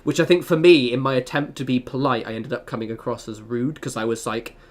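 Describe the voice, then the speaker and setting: A man's voice: medium pitch, steady tone, a little fast. A man streaming a game, chatting in a rambling, casual way with many fillers. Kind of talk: casual chat while gaming.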